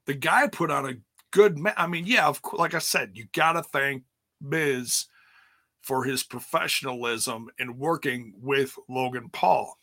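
A man talks loosely and candidly, like he is thinking out loud while recapping a wrestling show. His voice has a bright, forward tone. The sound is dry and close, with little room around it. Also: medium pitch, measured pace, no echo. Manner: rambling, candid, swears casually. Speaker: wrestling commentator. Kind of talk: casual chat recap.

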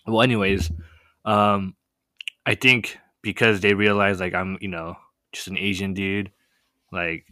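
A young man telling a story in a casual chat, animated and full of fillers. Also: low voice, measured pace, pauses often, no echo, clean studio sound. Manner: animated, many "like" fillers, laughs often. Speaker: podcast guest telling a story.

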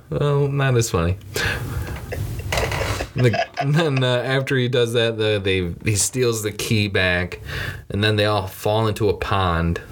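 A man's voice: fairly low pitch, background noise. A man casually recapping a comedy film with his co-host, rambling, swearing and laughing often. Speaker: podcast co-host. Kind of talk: casual movie recap chat.

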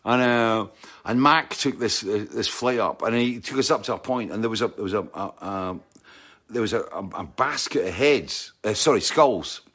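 A man's voice: fairly low pitch, moderate pace, fairly bright tone, husky. A man with a Scottish accent telling a rambling anecdote, often checking in with "right?" and mimicking sounds with his mouth.

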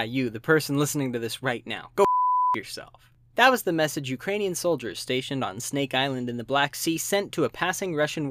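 A man hosting a satirical news podcast, reading a script in a dry, deadpan way. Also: medium pitch, no room sound. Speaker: podcast host.

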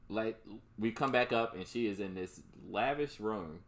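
A man's voice: fairly low pitch, a little slow. A man casually recapping a movie plot for a co-host, rambling and swearing, with many fillers and restarts. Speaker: podcast co-host.

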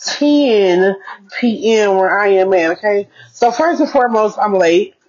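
A woman's voice: medium pitch, expressive, normal speed, a little mellow, lo-fi sound. A woman hosting a casual blog podcast from her bedroom desk, talking loosely to her listeners as y'all and stretching out key words. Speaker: podcast host.

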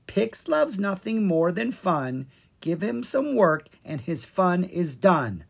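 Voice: mid-range voice, very animated, slow pace, creaky, breathy edge, voice pushed up, heavily acted. A reader doing an eager young pixie. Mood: eager, flustered. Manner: earnest, eager, a little flustered. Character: young male royal pixie, eager but new at his job. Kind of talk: children's audiobook reading.

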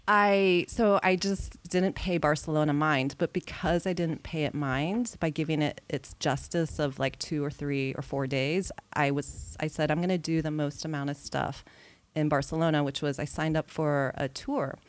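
In a dry recording, a low-pitched woman in her forties speaks at a moderate pace as a podcast guest. Chatting casually, she recounts a personal trip with lively energy, voicing her own thoughts as she goes.

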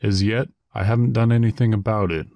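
A man narrating an audiobook with a low, dark voice. His reading is dry and deliberate, with steady storytelling phrasing. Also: no room sound. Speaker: reader.

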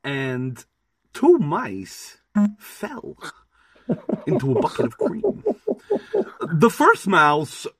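A man doing a celebrity impression, telling a parable with odd pauses and sudden pitch leaps. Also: wildly swooping pitch, exaggerated voice. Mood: grandiose. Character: slow, oddly paced eccentric man telling a parable.

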